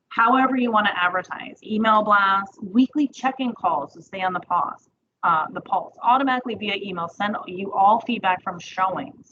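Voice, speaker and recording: A woman teaching a marketing training class in a chatty, encouraging way. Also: medium pitch. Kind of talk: webinar training talk. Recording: muffled audio with background noise.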